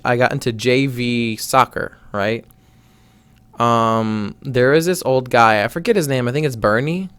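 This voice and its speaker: A man's voice: medium pitch, smooth, no room sound. A young man hosting his own show, telling a personal story in a rambling, casual way, with restarts and some swearing. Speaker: podcast host.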